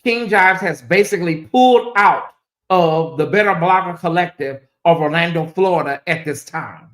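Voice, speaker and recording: Animated woman streaming gossip commentary. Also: on the low side, moderate pace. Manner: animated, repeats questions, swings from muttering to exclaiming. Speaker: commentary channel host. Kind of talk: casual live-stream commentary.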